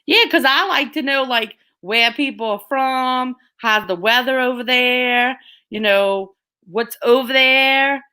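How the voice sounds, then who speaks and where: Bright, chatty woman. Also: sits high, slow, smooth. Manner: chatty, laughs often, repeats "I'm like". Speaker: livestream guest. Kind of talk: casual chat.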